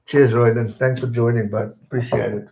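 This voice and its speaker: A man hosting a livestream, casually chatting and answering viewers' questions with a rambling, relaxed manner. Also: medium pitch, normal speed, echoey room, muffled recording, a little hiss or hum. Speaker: livestream host.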